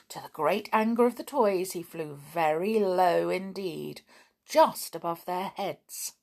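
A woman reading a children's story aloud, expressive, with asides to her listeners. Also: on the low side, slow, gravelly.

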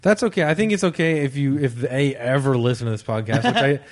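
A man's voice: medium pitch, quick pace. A man chatting as a podcast guest, geeking out enthusiastically about music he loves. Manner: enthusiastic, self-deprecating fan talk. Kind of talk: casual chat.

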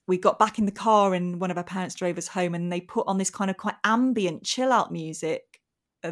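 An English woman in her forties, a comedian telling funny stories in casual chat and laughing often. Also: fairly low pitch. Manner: chatty storyteller, laughs often. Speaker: comedian guest.

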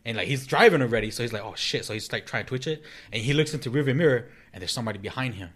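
A man's voice: medium pitch, animated, racing, fairly bright tone, slightly rough. A man co-hosting a casual podcast, telling a creepy story with laughs and slang. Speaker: podcast co-host. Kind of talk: casual chat.

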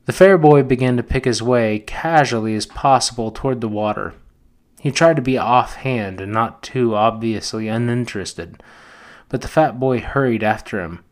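Man reading a novel aloud, measured. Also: medium pitch. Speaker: podcast host reading a novel. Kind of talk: audiobook narration.

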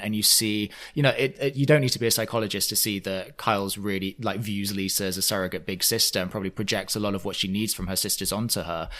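A man's voice: lowish voice, sharp tone. A man co-hosting a podcast in casual chat, analysing at length in long winding sentences. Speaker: podcast co-host.

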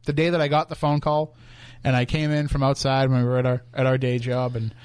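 A man's voice: mid-range voice, little pitch movement, a little fast, darkish tone, clean tone, no echo. A man hosting a radio show from a studio, chatting casually with his co-host and laughing often. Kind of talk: casual on-air banter. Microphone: studio microphone.

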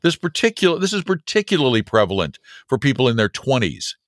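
A man's voice: medium pitch, big pitch swings, fairly quick, dry recording, studio quality. A man hosting a radio money show, explaining tips in a folksy, playful way. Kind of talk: casual money-advice talk.

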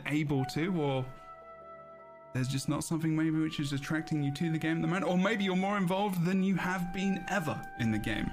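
A man hosting a casual gaming podcast, rambling and chatty, often laughing. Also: fairly high pitch. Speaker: podcast host.

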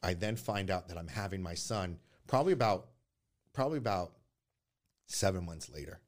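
A man with a deep, low-pitched voice shares his own life story as a guest in a conversation. He is candid and earnest, often stopping and restarting his sentences. He drops to a soft voice through the hardest parts. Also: expressive, normal speed. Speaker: podcast guest.

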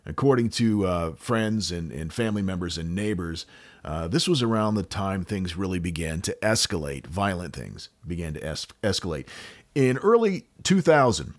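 Low-voiced American man telling a crime story. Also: moderate pace. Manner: relaxed, joking, with frequent fillers. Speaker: podcast host. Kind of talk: casual true-crime storytelling.

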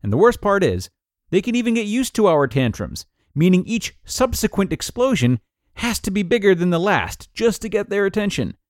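A man hosts and narrates a podcast, reading a parenting article with a lively, swinging delivery. His voice sits close to the mic in a dry, dead space. He acts out the quoted bits along the way. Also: high voice, moderate pace, no echo. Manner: lively, expressive reading, acting out quoted lines.

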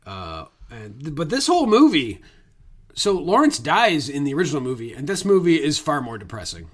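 A young man co-hosting a casual film discussion podcast, chatty and quick to laugh. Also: a little high, huge pitch swings, a bit bright, slightly rough. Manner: chatty, laughs often, slips into mock accents. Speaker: podcast co-host.

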